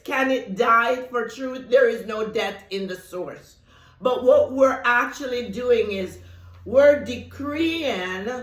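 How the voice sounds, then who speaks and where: A woman giving a spiritual teaching talk, whose first language is Thai, speaking emphatically, slowing down on key words and laughing often. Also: mid-range voice, a bit bright. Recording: roomy echo.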